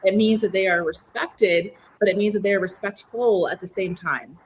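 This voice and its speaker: A woman's voice: medium pitch, steady tone, moderate pace, slight background noise, low-quality recording. Emphatic woman preaching her views. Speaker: panel guest. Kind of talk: opinionated panel talk.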